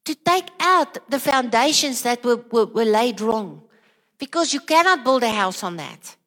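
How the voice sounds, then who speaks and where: A woman's voice: a little high, big pitch swings, unhurried, a bit bright, big-room sound. A woman preaching a sermon, earnest and questioning, with many repeated rhetorical questions.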